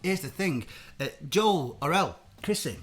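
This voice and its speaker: A man's voice: fairly high pitch, big pitch swings, unhurried, fairly bright tone, husky. A man hosting a live-streamed chat show, talking in a heated, emphatic way and swearing often. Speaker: host.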